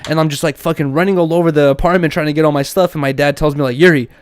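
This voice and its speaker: A young man co-hosting a casual podcast, telling animated stories with heavy slang and acting out quotes. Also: a little high, rapid-fire, smooth, dry recording. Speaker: podcast co-host. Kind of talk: casual chat.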